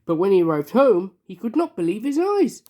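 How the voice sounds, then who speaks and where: Storybook reader, lively intonation, mellow tone, dramatic gasps. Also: medium pitch, a little fast. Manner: expressive, gasps for effect. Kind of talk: children's story read-aloud.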